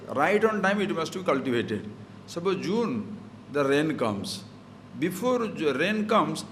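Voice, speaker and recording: A man's voice: a little high, fairly bright tone, slight background noise. A man giving a scripture talk, explaining Sanskrit verses with everyday examples and rhetorical questions. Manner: mixes Sanskrit verses into English. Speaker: spiritual teacher.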